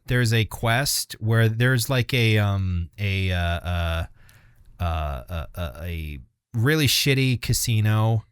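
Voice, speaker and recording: Young man, podcast co-host, casual profane rambling, resonant clear voice. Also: on the low side, expressive, slow pace, dry recording, clean studio sound. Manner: rambling, profane, laughs at his own stories. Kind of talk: casual chat.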